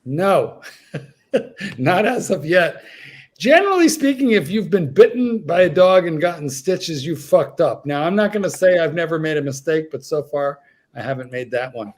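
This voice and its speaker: A man's voice: fairly high pitch, expressive, moderate pace. A man, a dog trainer, chatting on a livestream panel over a video call, telling stories in a rambling way with many restarts. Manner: rambling, storytelling, frequent restarts. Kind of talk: casual panel chat.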